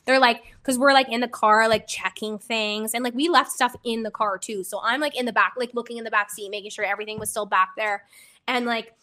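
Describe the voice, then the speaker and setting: Bright, animated young woman telling a story. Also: fairly high pitch, fairly quick. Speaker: podcast host. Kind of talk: casual chat.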